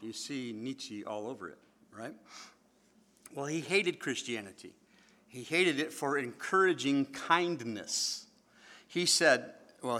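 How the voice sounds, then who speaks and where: A man preaching a sermon to his church congregation, animated and joking with the crowd as he teaches. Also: medium pitch. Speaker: pastor.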